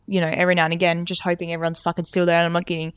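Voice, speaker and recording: A woman's voice: fairly low pitch, completely flat delivery, racing, clear, resonant tone, no room sound. A young woman co-hosting a podcast, telling a rambling story with lots of filler words and swearing. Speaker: podcast co-host. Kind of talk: casual storytelling chat.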